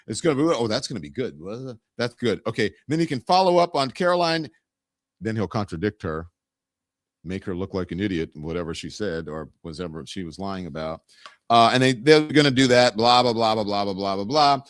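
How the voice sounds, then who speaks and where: A man's voice: lowish voice, expressive, fairly quick, no room sound, clean studio sound. A middle-aged man from the Southern US hosting casual political commentary, rambling and conversational, with many restarts. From Southern United States. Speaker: host.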